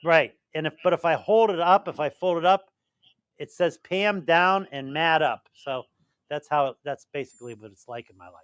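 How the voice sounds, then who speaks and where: A man's voice: a little high, moderate pace, fairly bright tone, smooth, no room sound. An older man hosting a call-in show, answering legal questions and then chatting and telling stories with acted-out quotes. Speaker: radio show host giving legal advice. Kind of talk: call-in advice and casual storytelling.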